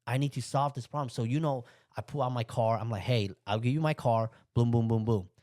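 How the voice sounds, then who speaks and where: Animated man telling a story. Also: a little fast, no room sound, clean studio sound. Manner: animated, voices his own thoughts with big pitch jumps; plain, conversational English with loose grammar. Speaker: podcast host. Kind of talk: casual storytelling. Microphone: podcast microphone.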